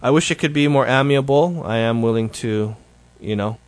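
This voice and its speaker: A man hosts his show in a casual solo update, talking in a loose, rambling way and often correcting himself mid-sentence. His voice sits at an ordinary middle pitch. The recording is dry and close, with no room echo. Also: normal speed. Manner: rambling, conversational, with frequent self-corrections. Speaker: show host.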